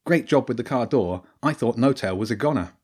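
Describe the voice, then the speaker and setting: A bold young girl who barks orders in a high, urgent voice, as a man puts her on while reading. She is quick-thinking and bossy, leading the escape in a children's storybook. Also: lively intonation, a little mellow, breathy edge. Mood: determined. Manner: urgent, commanding.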